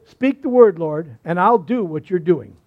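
A man's voice: high-pitched, animated, measured pace. A man voicing an eager male disciple who earnestly pleads with his lord, in a slightly muffled recording. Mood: eager pleading.

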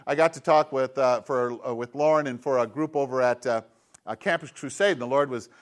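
A man's voice: mid-range voice, a little fast. A man preaching a sermon in an earnest, conversational way, moving between teaching and everyday stories.

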